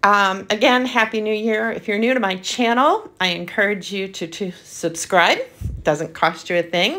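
A woman hosting her own art channel, talking casually and gushing with excitement, full of ums and repeats. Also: mid-range voice. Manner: gushing, enthusiastic, filler-heavy. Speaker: acrylic pour artist, channel host. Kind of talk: casual vlog narration.

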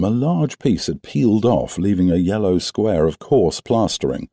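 Deep, husky male audiobook narrator. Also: mellow, dry recording, clean studio sound. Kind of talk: scripted narration.

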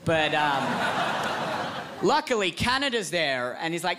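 A man from Australia, doing an animated, laughing comedic monologue. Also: a little high, measured pace, pauses often, heavy background noise.

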